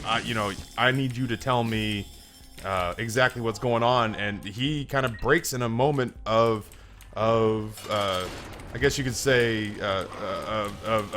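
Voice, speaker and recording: A man chats casually while playing a video game, his voice at an ordinary middle pitch. He rambles, restarting phrases often as he spins a long story. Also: a bit bright. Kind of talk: casual gameplay commentary and joke telling.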